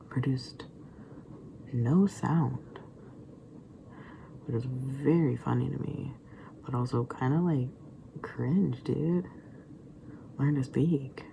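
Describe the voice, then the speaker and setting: A young man with a gravelly, mid-range voice vlogs in a casual, rambling monologue. He stammers through restarts and slips into whispered asides, over steady background noise.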